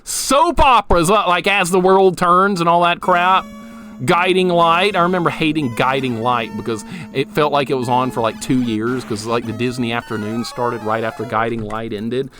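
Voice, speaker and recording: A man's voice: medium pitch, fairly even intonation, normal speed. A man in his thirties streaming a retro game, chatting and laughing with viewers while he plays, swearing casually. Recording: game music playing loudly beneath the voice. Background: retro game music.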